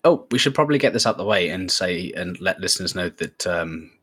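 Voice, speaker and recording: A man with a very deep, husky voice co-hosts a casual podcast. His tone has a bright, forceful edge. He rambles and stumbles through restarts as he talks. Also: lively intonation, brisk. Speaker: podcast co-host.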